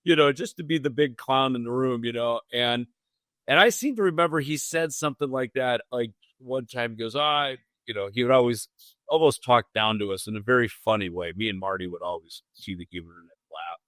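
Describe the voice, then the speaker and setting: Host guy rambling through a story, mid-pitched voice, dry close sound. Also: fairly quick, fairly bright tone, no echo. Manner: rambling, full of "you know" asides. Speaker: podcast host. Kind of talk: casual conversational storytelling.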